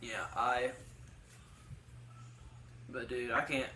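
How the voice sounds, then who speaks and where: A man's voice: medium pitch, level tone, extremely slow, pushed and bright. Young male co-host, casual rambling chatter, recorded from a distance in a roomy space with faint hiss. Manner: rambling, chatty storytelling with many likes. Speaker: podcast co-host. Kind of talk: casual chat.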